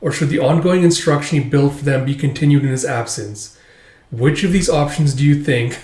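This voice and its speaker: Man doing a mocking older woman mentor, sly, slow, condescending, echoey room. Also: a little high, a little mellow, natural voice. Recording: roomy echo.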